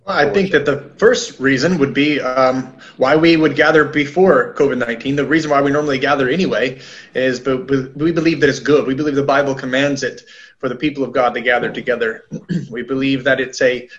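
A man speaking as a pastor in a casual church discussion, earnest and halting with many restarts. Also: medium pitch, fairly bright tone, lo-fi sound.

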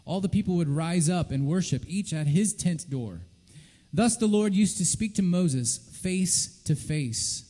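A man giving a measured, solemn scripture reading during a church service. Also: on the high side, mellow. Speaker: scripture reader. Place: church sanctuary. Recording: reverberant church hall.

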